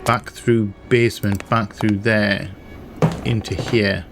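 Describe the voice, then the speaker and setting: Guy rambling through a puzzle game, reading notes out loud with dry sarcastic asides, game music going behind him. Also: fairly low pitch, steady tone, slow. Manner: thinking aloud, reading in-game text with wry asides. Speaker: gaming channel host. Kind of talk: casual let's-play commentary.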